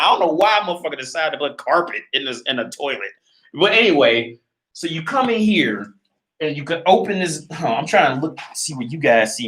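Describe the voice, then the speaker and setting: A man's voice: fairly high pitch, a bit bright. A man telling a story on a casual livestream from his small apartment, profane and laughing often, filmed on a hand-held camera. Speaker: livestream host. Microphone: phone or camera carried by hand.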